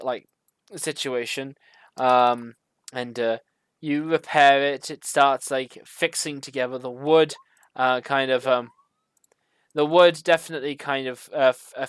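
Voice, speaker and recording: A woman's voice: extremely low pitch, clean tone, no room sound. A woman narrating a tabletop game as game master, hesitant and full of fillers. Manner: hesitant, many fillers, laughing.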